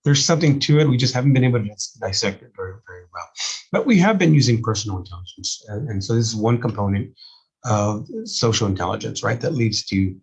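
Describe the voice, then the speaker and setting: A man's voice: lowish voice, lively intonation, quick pace, dull audio. A man with a mixed Texan and Spanish accent, lecturing on camera in a casual, rambling way with many fillers while losing his voice. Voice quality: husky. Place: indoors, solo on camera. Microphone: camera mic.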